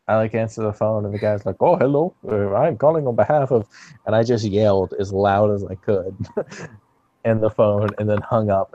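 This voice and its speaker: A man's voice: fairly low pitch, mellow, no echo, muffled recording. A man co-hosting a casual podcast chat, telling jokey stories and laughing often. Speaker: podcast co-host.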